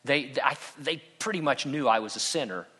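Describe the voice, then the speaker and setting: A man's voice: mid-range voice, lively intonation, moderate pace, slightly rough. A middle-aged man preaching a sermon as pastor, conversational and humorous, with emphatic turns. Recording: bright voice in a hall with long reverb.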